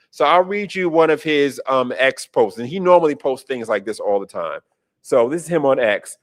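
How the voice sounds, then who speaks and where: A man's voice: on the high side, expressive, moderate pace. A man hosting a casual political commentary podcast, ranting with profanity and incredulity and laughing as he goes. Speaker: podcast host.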